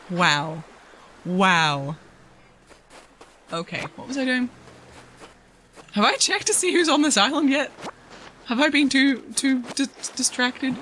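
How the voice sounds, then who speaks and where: A woman's voice: a little high, bright, forceful tone, slight background noise. A woman streaming a video game from home, chatting casually and giggling as she talks to her viewers and her pets. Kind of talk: casual live-stream chatter while playing.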